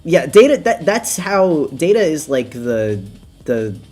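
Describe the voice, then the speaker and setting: A co-host in their twenties chatting casually, rambling and laughing through quick asides. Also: medium pitch, big pitch swings, a little mellow, faint music behind. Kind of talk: casual chat.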